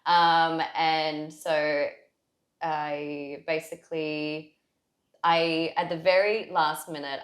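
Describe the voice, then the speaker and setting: Low-voiced woman telling a heartfelt story. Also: level tone, very slow. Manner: heartfelt, rambling with many "like"s and restarts. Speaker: podcast guest. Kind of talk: emotional personal storytelling. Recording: roomy echo.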